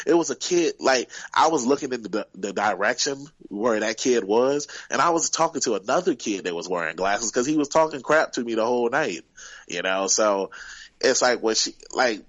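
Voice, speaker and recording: A man's voice: fairly low pitch, a bit bright, dry recording, dull audio. A man, a guest wrestler, telling stories casually in an interview, rambling with many fillers.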